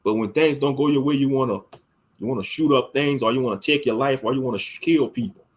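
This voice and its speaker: A man from the United States giving a casual, rambling rant as an online commentator, emphatic and slangy, swinging from loud outbursts to low mutters. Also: fast.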